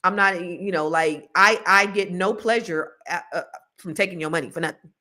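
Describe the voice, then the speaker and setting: Woman podcast host, middle-aged, chatty and off-the-cuff, lower voice. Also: fairly quick, pushed and bright. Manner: chatty, rambling, laughs a lot, slangy. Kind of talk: casual chat with viewers.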